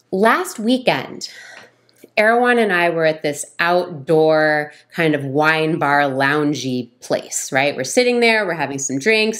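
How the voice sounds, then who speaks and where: A middle-aged woman and relationship coach telling a casual story, acting out quoted lines with sudden higher, louder voices.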